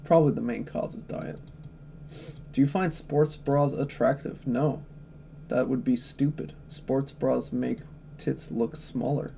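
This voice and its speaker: A man's voice: mid-range voice, fairly even intonation, a little slow, gravelly, dark tone, a little hiss or hum. A man chatting casually on a livestream, blunt, opinionated and profane, answering chat questions.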